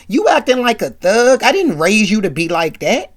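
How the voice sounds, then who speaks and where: A woman's voice: medium pitch, big pitch swings, normal speed. A woman voicing a stern father who scolds his grown son. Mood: scolding. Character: stern disappointed father of a young man.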